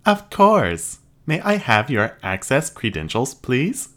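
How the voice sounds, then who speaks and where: A woman's voice: extremely low pitch, big pitch swings, takes it slowly, pitched above the performer's own voice, full character voice. A man voicing a prim female security robot that speaks in stiff, formal customer-service phrases. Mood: politely robotic. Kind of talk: audiobook character voice.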